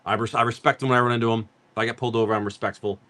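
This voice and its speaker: A man's voice: mid-range voice, steady tone, racing, a bit bright. A middle-aged man from Massachusetts chatting casually on a live stream as a card seller, telling rambling, profane stories and laughing often.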